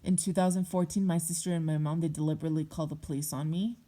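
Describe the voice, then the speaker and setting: A young woman talks straight to her viewers in a personal vlog, heated and blunt, with frequent swearing. Her voice sits a little low. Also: steady tone, very fast, dark tone. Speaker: vlogger. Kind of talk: personal monologue to camera.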